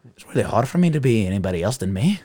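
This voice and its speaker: A man guesting on a podcast, telling stories in a casual chat, loud, laughing and swearing a lot as he acts out the voices of the people in them. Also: lowish voice, big pitch swings, racing, breathy edge.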